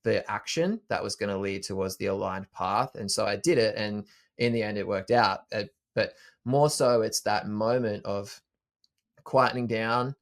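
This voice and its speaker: A man with a somewhat low voice hosts a relaxed podcast chat. He reflects out loud in a calm, unhurried way, often stopping to rephrase mid-thought. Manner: thoughtful, self-correcting, calm. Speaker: podcast host.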